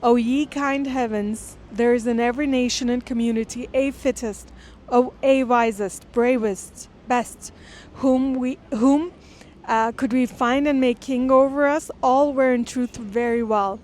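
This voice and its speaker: A woman's voice: fairly high pitch, steady tone, a little mellow, a little hiss or hum. Earnest woman reading and explaining a classic. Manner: earnest, thoughtful, pausing to explain. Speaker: literature lecturer. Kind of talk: reading aloud with close-reading commentary.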